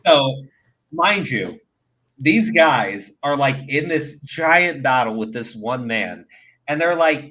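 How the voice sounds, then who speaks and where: A young man on a livestream who talks in an excitable, profane way, jumping into animated retellings. His voice is bright and forceful, with a tense edge when he gets worked up. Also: on the high side, slow. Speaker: streamer. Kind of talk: casual chat.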